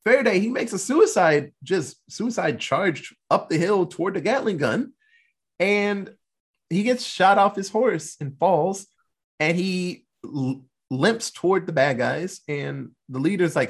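A man hosting a casual podcast and recapping a movie in an animated, swearing, laughing storytelling style. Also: high-pitched, a little slow, slightly rough. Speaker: podcast host.

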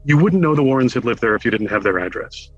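A man with a slightly husky, mid-pitched voice, telling a long personal anecdote in a casual interview. He talks animatedly, acting out quoted lines with wry humor. Faint music plays in the background. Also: lively intonation, fast talker, highs cut off. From Connecticut, USA. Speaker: interview guest.

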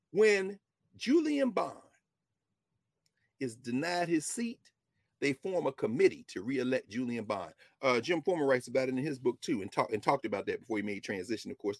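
A man giving an impassioned history lecture, moving between quiet asides and loud emphatic bursts. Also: mid-range voice, no room sound.

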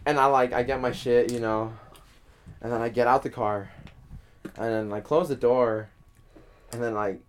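A man's voice: medium pitch, fairly even intonation, moderate pace, long pauses. A young man casually telling a long story, rambling with repeated words, frequent swearing and laughter. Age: young adult.

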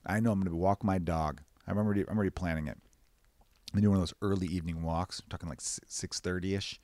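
A man hosting a podcast, rambling casually and profanely, short of breath and jumping into high mock voices. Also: quick pace, no room sound. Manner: profane, rambling, animated bursts into high-pitched mimicry. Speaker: podcast host. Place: away from his usual recording space.

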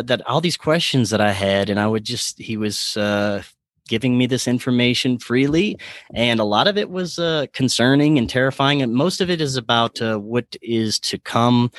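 Earnest adult man, recounts a personal story haltingly in a dry, close recording. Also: mid-range voice, a bit bright, dry recording. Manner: earnest, halting, searching for words. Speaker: guest recounting a spiritual experience.

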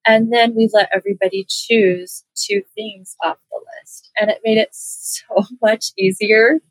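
A woman's voice: mid-range voice, fairly even intonation, measured pace, no echo, low-quality recording. A woman hosting an interview, affirming her guest and sharing about her own family. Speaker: host. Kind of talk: conversational interview.

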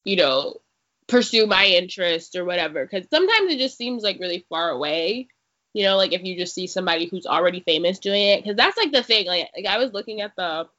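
A woman's voice: lowish voice, animated, fairly quick, fairly bright tone. A young woman co-hosting a podcast in casual chat, saying "like" all the time. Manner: chatty, says "like" constantly. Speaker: podcast co-host. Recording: dull lo-fi sound.

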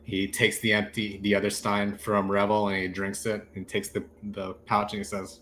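A man's voice: on the low side, monotone, normal speed, few pauses, sharp tone, a little hiss or hum. A man narrating as game master, loose and laughing, with many fillers.

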